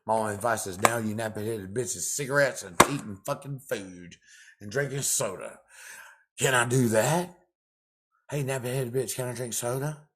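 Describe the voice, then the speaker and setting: A man ranting angrily to the camera in a profane, confrontational way, repeating himself with loud outbursts. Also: mid-range voice, normal speed.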